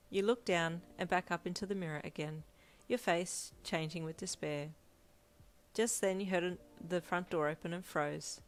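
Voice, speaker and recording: A woman narrating a second-person romance fan story in a calm, even storytelling manner. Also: lowish voice, normal speed.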